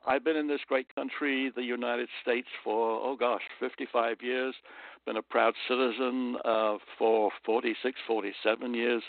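A man's voice: mid-range voice, dry recording. An older man from London with a British accent, chatting as a podcast guest and telling anecdotes about his life. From London, England. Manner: chatty and anecdotal, with fillers and chuckles. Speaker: guest, storyteller and former radio host. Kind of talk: casual conversational storytelling. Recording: dry, phone-like line.

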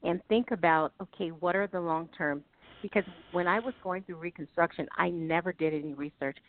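A woman's voice: lowish voice, fairly quick. A woman giving heartfelt, candid personal testimony as an interview guest. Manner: candid, heartfelt, speaks directly to listeners. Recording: dry, tinny phone-like sound.

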